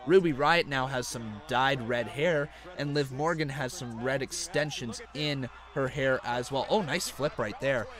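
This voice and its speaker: A man hosting a live stream who chats about a wrestling show as it plays and reads out viewer donations, getting excitable at big moments. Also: medium pitch, measured pace, hardly any pauses. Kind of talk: live wrestling reaction commentary.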